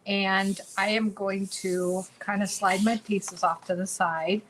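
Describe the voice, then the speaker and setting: A woman's voice: mid-range voice, level tone, slow, fairly bright tone, slight background noise, poor audio. A woman co-hosting a casual craft tutorial, bubbly and chatty, often repeating her words as she works. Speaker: craft demonstrator and co-host.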